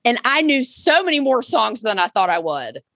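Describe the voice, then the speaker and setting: A woman co-hosting a podcast in casual chat, chatty and quick to tease her co-host. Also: on the high side, sing-song, creaky, bright, forceful tone, no echo, clean studio sound.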